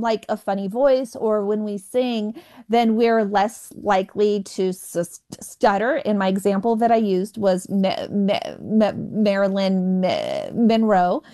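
A woman who stutters on the first sounds of words, telling stories in an interview. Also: mid-range voice. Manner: stutters, with repeated syllables; animated storytelling with quoted voices. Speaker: guest. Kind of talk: interview conversation.

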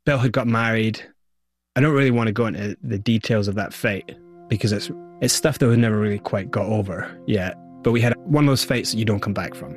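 A man's voice: lowish voice, a little fast, soft background music. A man, a guest in an interview, telling his story animatedly and acting out the people he quotes. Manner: animated, acts out quoted voices.

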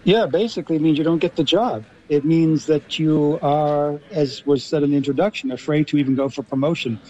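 A man's voice: on the high side, fairly quick, darkish tone, muffled recording. A man with an American accent, a guest in a radio interview, speaking in an articulate, lecturing way. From Los Angeles, USA.

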